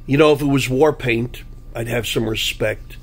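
A man's voice: medium pitch, moderate pace, slightly rough. A man delivering a blunt, combative political monologue, full of anecdotes. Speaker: political commentary host.

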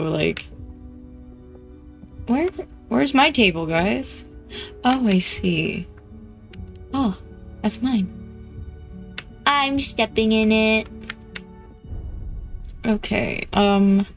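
A woman chatting playfully as she plays a video game, easily excited. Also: medium pitch, vocal fry. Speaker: gameplay streamer. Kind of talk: casual gameplay commentary.

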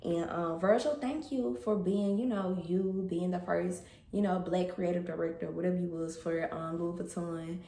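A woman's voice: lowish voice, fairly even intonation, normal speed, gravelly, hardly any pauses, warm tone. A young woman chatting casually in her fashion haul vlog, playful and slangy, often laughing. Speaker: fashion vlogger. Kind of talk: casual haul video chat. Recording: echoey room.

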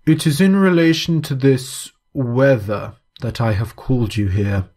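A man voicing an eerie, smooth-faced male stranger who speaks in a calm, terse way in a read-aloud story. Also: medium pitch, a little slow, natural voice. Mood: ominous.

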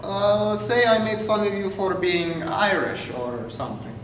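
A man's voice: sits high, sing-song, a little slow, a bit bright, reverberant, distant mic, a little hiss or hum, full character voice, poor audio. A teenage boy in a student film playing a shy, stammering Russian student with a put-on Russian accent. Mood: pleading. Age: teens. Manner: hesitant, stammering. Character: shy young Russian male student, nervous lovesick.

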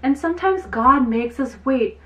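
A woman teaching Sunday school to children, retelling a Bible story in an animated way and acting out the quotes, with some fillers. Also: sits high, moderate pace, distant mic.

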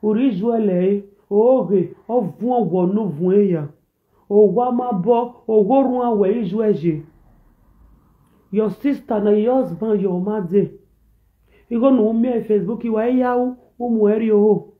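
A man's voice: high voice, normal speed. A man with a Nigerian accent ranting in a preachy, repetitive reaction video, switching between pidgin and a local language. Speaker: social media commentator. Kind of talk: animated reaction rant. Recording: tinny phone-like audio.

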